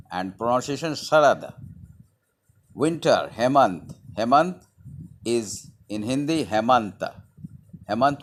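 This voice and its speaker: A man teaching a language lesson, who says each word several times and spells it out letter by letter. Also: medium pitch. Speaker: Hindi teacher.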